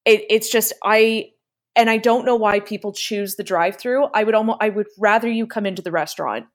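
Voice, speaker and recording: A woman's voice: mid-range voice, steady tone, brisk. Hesitant female podcast co-host. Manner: hesitant, stumbles over words. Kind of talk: casual chat.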